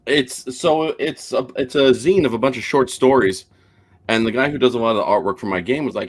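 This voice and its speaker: A man chatting casually on a stream about his gaming projects, telling stories and acting out the people he quotes. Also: a little fast. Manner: animated storyteller, acts out quotes in higher voices. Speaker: game designer and dungeon master.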